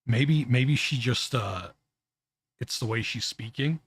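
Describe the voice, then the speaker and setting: A man streaming casual reaction commentary, halting and often restarting his words with little chuckles. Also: mid-range voice, slightly rough.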